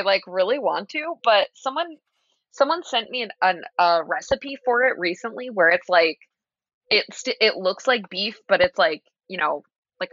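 Woman podcast guest with a lively lilting voice and lots of laughter, slightly lo-fi remote sound. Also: medium pitch, no echo. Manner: animated, laughs often, agrees readily. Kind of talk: casual chat.

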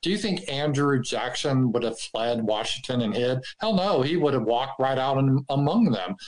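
A man's voice: mid-range voice, expressive, normal speed, poor audio. A man giving emphatic, indignant political commentary as a podcast guest.

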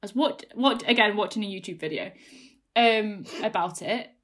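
A young woman chatting casually on a podcast, emotional and excitable, rambling with lots of fillers. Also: mid-range voice, moderate pace.

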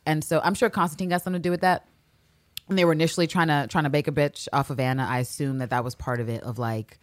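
Low-pitched lady podcaster, swears a lot, acts out the characters, dry close mic. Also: quick pace, no room sound. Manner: animated, acts out characters' lines, swears freely. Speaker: podcast co-host. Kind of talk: casual chat.

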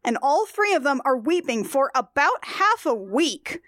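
High-voiced sarcastic woman recapping comics. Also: big pitch swings, measured pace, a bit bright, no room sound, clean studio sound. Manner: sarcastic, exasperated, laughs often. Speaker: podcast host recapping a comic strip. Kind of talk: casual comedic recap.

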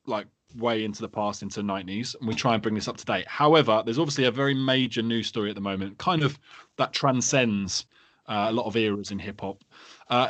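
A man hosts a podcast in loose, laddish banter. He swears freely and laughs through his own stories. His voice sits mid-pitch and sounds dry and close to the mic. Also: fairly bright tone, no echo. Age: 30s. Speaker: podcast host.

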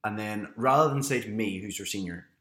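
A man's voice: lowish voice, fairly quick, fairly bright tone. A man in casual conversation, giving advice about work and telling his own office story. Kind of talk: casual chat. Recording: roomy echo.

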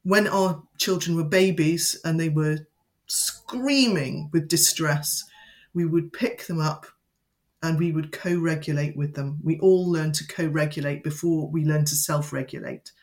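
A woman educator giving calm, measured advice as a guest in an interview. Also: low voice. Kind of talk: interview explanation.

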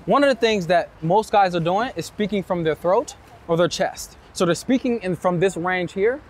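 A man hosting his dating-advice show, talking straight to camera outdoors at night in a city, energetic and direct with some swearing. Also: sits high, normal speed. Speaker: dating coach and show host. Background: street noise, passing vehicles, distant shouting.

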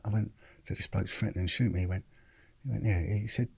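A man's voice: lowish voice, fairly quick, vocal fry, slightly rough. A man, a former detective telling stories casually on a podcast and acting out what others said. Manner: animated, repeats words, acts out quotes.

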